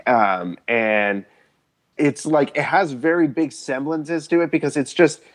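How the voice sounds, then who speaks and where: A man's voice: a little high, a little slow. Young guy talking movies, lots of likes and ums, swears a bunch. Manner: loose, rambling, swearing, many fillers. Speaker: podcast co-host. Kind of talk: casual chat.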